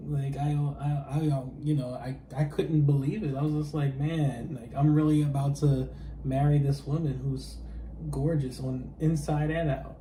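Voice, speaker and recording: A young man co-hosting a casual chat, relaxed and dropping joking asides. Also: medium pitch, measured pace, echoey room, a little hiss or hum. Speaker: co-host. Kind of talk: casual chat about their wedding.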